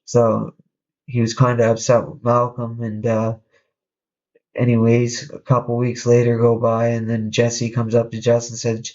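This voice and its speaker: Man telling a story in a flat monotone. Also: medium pitch, lo-fi sound. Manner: flat, halting delivery with frequent restarts. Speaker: podcast host. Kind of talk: casual spoken storytelling.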